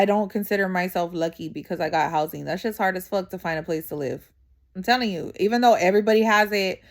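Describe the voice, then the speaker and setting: Young adult woman talking to camera, blunt and profane with slang, lots of rhetorical asides, middle-pitched voice. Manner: rhetorical asides, repeats "you know what I'm saying". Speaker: vlogger. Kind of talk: casual venting monologue to camera.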